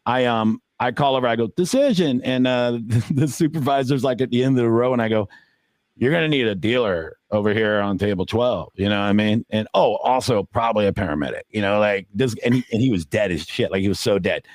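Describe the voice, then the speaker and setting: A middle-aged man on a podcast telling casual stories about dealing poker. He swears freely and acts out the quotes, with sudden jumps up in pitch. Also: darkish tone, no room sound, studio quality. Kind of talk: casual storytelling.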